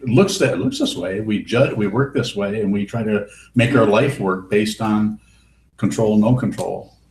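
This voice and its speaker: A fairly low-pitched, darkish male voice moves at normal speed. This Buddhist teacher gives a dharma talk and answers questions in a blunt, wry, teasing style, recorded in a roomy hall with faint background hiss.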